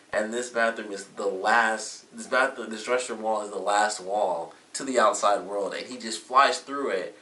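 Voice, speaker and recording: A man with a deep voice and a bright, forceful edge talks his way through a TV episode review, full of fillers and restarts. He is recorded from a distance in a roomy, echoing space. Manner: rambling, with many fillers and self-corrections. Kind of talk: casual solo review. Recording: roomy echo, mic at a distance.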